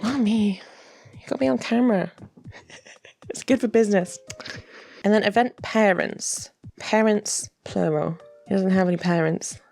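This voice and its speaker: A woman's voice: medium pitch, unhurried, vocal fry, pauses often, a little mellow, faint music behind. A woman giving chatty commentary on game dialogue, laughing often and adding wry asides. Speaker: video creator.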